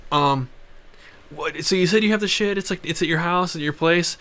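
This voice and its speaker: A man's voice: fairly high pitch, moderate pace, fairly bright tone, close to an everyday voice. A man doing a jittery paranoid dealer. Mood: nervous. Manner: nervous, hedging, repeats himself. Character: jittery, paranoid young male small-time dealer.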